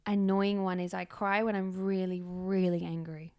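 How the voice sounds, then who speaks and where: A woman's voice: lowish voice, little pitch movement, moderate pace, darkish tone, clean tone. A young woman hosting a podcast, chatting expressively and acting out quotes with whispered asides. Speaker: podcast host. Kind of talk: casual podcast conversation.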